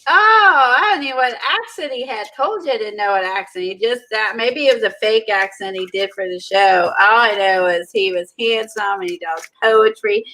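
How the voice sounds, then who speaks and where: A woman chatting casually while making art, gushing and excitable, often breaking into giggles. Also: medium pitch, normal speed, few pauses, poor audio. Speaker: co-host making mixed media art. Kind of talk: casual chat while crafting.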